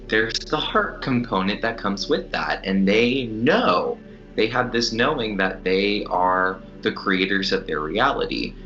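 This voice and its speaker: Man, very deep voice, bright tone, earnest, reflective, spiritual chat, lo-fi sound, faint music. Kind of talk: casual spiritual conversation.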